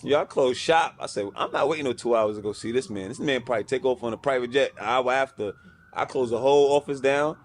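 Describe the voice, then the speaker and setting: A man's voice: medium pitch, fast talker, slight background noise. A man from Brooklyn with a New York accent, a podcast guest telling a story in casual slang and acting out the voices of people he quotes. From Brownsville, Brooklyn, New York. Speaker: podcast guest, music executive.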